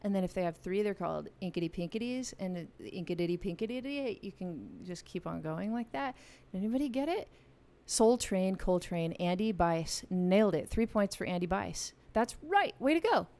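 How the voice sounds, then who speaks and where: A woman's voice: on the low side, moderate pace, few pauses, mellow. A woman hosting a live-stream game from a home music room, chatty and playful as she explains the rules to her viewers on a studio microphone. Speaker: music channel host running a live game. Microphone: studio vocal mic.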